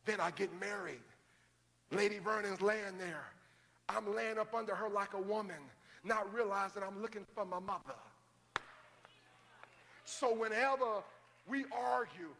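A man preaching a sermon as pastor of a large church, building to shouted calls to the congregation. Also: high-pitched, unhurried, gravelly, long pauses, in a large hall. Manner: preaching, rising to shouted call-and-response.

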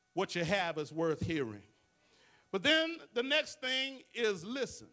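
Male pastor, sermon delivery, very high bright voice. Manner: preaching with call-and-response asides. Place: church sanctuary.

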